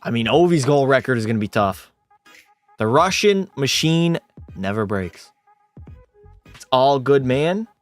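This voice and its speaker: A man's voice: measured pace, pauses often, no room sound, faint music behind. A Canadian man casually chatting on a game livestream, reading out and answering viewer messages in a bantering way. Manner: chatty, bantering with chat, animated jumps in pitch. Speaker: gaming streamer.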